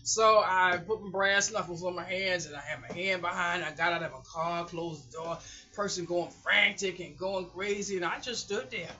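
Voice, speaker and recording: A woman vlogger tells a story in a casual, emphatic way and acts out the lines she once said. Her voice is bright and sharp. The recording is dull and lo-fi. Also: lowish voice, moderate pace.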